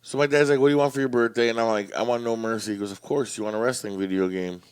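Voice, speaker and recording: A man's voice: medium pitch, very fast, clean tone. A young man hosting a podcast, telling stories casually with lots of swearing and acting out what people said. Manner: profane, animated storyteller acting out quotes. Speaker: podcast host. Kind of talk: casual storytelling.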